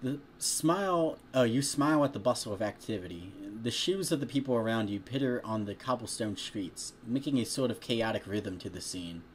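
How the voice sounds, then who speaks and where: A man's voice: medium pitch, lively intonation, normal speed, hardly any pauses, a little hiss or hum. A man casually reading a fan story aloud, chatty and stopping now and then to joke about the text. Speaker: fanfiction reader.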